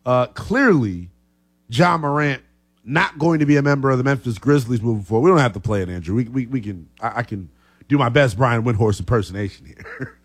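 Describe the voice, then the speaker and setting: A man hosting a sports talk radio show, talking with animated energy. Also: mid-range voice, normal speed. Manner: lively, animated, coughing fits.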